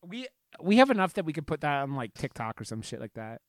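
A man's voice: fairly high pitch, sing-song, quick pace, no echo, clean studio sound. A man co-hosting a podcast in casual chat, rambling, swearing and joking about himself. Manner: rambling, swearing, self-deprecating. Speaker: podcast co-host.

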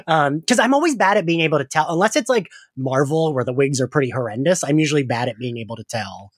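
Podcast host, woman, giggly, animated intonation, dry close mic. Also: low voice, fast talker, slightly rough, dry recording. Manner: giggly, chatty, lots of fillers. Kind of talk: casual chat.

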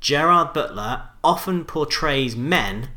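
A man's voice: on the high side, animated, takes it slowly, noisy background. A man co-hosting a podcast in casual chat, asking dry, teasing questions and laughing along. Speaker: podcast co-host.

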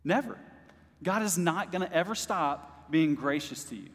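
A man's voice: a little high, animated, normal speed, a bit bright. Man preaching in a reverberant hall. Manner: impassioned preaching, rising to bursts, with laughs; talks directly to the congregation as "y'all". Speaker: pastor. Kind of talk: sermon. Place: church service.

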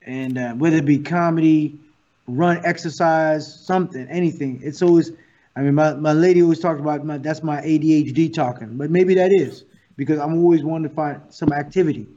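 A man, a guest actor and comedian, talking in a casual interview as an animated, profane storyteller. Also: on the high side, brisk, lo-fi sound.

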